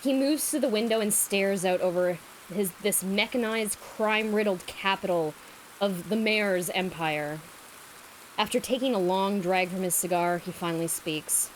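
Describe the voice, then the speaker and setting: A woman's voice: mid-range voice, normal speed, a little hiss or hum, poor audio. A woman streamer reading fanfiction aloud with amused, giggly asides.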